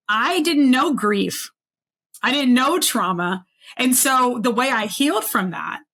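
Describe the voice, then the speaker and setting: A woman's voice: on the high side, a bit bright. Earnest woman telling a personal story. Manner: earnest, reflective, slows down at painful moments. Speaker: guest. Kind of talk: personal storytelling in a podcast interview.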